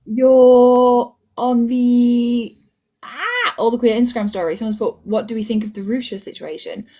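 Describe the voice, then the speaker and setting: A woman's voice: a little high, steady tone, a little slow, warm tone. A British woman co-hosting a casual women's football podcast, playful and reading out listener comments. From Britain. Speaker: podcast co-host.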